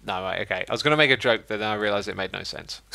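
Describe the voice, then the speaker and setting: A man's voice: fairly low pitch, racing, creaky, pushed and bright, no echo. A man chatting casually on a livestream and rambling with many fillers. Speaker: streamer.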